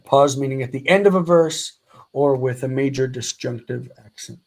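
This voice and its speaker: A man teaching a live grammar lesson, slowly explaining and repeating example words patiently. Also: mid-range voice, a little mellow, poor audio. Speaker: Hebrew teacher.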